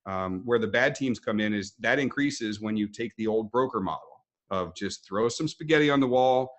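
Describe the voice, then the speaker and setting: Low-voiced man explaining casually. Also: moderate pace. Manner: conversational, explains with acted-out quotes. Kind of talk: webinar interview.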